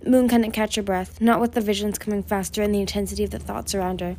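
A woman's voice: mid-range voice, steady tone, fast, a little mellow, slight background noise. A woman reading a young-adult fantasy novel aloud, lifting her voice for urgent dialogue. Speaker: audiobook reader. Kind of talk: fan audiobook reading.

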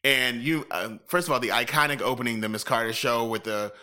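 A man in a casual chat, telling a lively, profane story and acting out what people said. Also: mid-range voice, a little fast. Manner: animated, profane storytelling with acted-out quotes.

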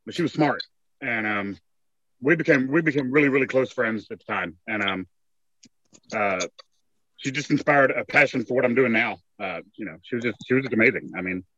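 A man in his forties in a casual family chat, talking haltingly with many pauses. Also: medium pitch, pushed and bright, dry recording. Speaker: family member on show. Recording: dull muffled sound.

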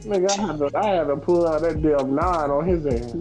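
A man's voice: on the high side, over music. A man co-hosting a podcast, giving blunt, profane answers in casual banter. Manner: blunt, profane, drawn-out retorts. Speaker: podcast co-host. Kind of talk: casual chat.

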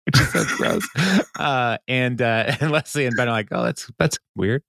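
A man's voice: mid-range voice, a little slow, vocal fry, fairly bright tone, no echo, studio quality. A man co-hosting a podcast, casually recapping an episode, laughing often and briefly mimicking the characters. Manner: retells scenes, briefly mimicking the characters' lines; laughs often while talking. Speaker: podcast co-host.

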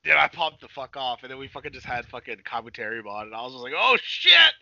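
A young man co-hosting a casual podcast, recapping a cartoon with constant swearing and sudden loud shouted quotes. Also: medium pitch, fast talker, gravelly, a crowd in the background. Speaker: podcast co-host. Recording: dull, slightly lo-fi dry sound.

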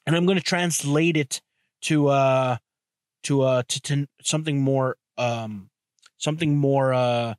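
A man's voice: medium pitch, unhurried, clear, resonant tone, no room sound, studio quality. A young man hosting a solo podcast, talking loosely and bluntly with lots of restarts and crude asides. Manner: loose, rambling and profane, with many restarts and "you know". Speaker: podcast host. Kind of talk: casual solo podcast monologue.

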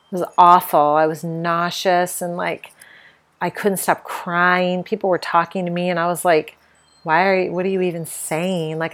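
A middle-aged woman hosting a podcast, speaking candidly and emotionally about a personal experience, with many fillers. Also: on the low side. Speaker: podcast host. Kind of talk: reflective personal monologue.

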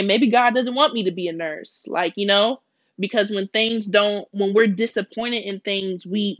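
Young adult woman, podcast host, emotional, confessional, casual and slangy, mid pitch, dry sound, slightly muffled lo-fi. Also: fairly bright tone, dry recording. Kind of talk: candid faith podcast monologue.

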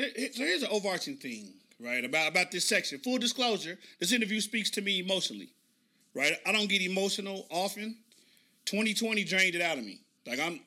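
Bright, high-voiced man musing aloud. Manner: reflective, loose and conversational, with slang. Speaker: podcast host reacting to an interview clip. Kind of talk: casual reaction commentary.

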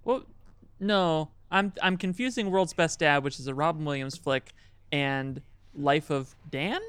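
Smooth-voiced, teasing male host. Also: a little high, a bit bright, no room sound. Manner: quick, teasing, swears. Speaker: podcast host. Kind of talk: improvised comedy chat.

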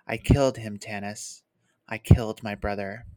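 A reader voicing a frail cold male mage, hushed and gentle, storybook reading, dry close mic. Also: mid-range voice, fairly even intonation, normal speed, dry recording, close to an everyday voice. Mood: cold, calm. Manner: soft, quiet and gentle. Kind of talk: read-aloud novel passage.

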